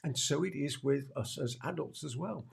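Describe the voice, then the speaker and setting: An older man with a British accent, teaching persuasion to camera, emphatic and repeating key lines slowly, with playful asides. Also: a little high, creaky. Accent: British English. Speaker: sales trainer. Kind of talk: direct-to-camera teaching talk.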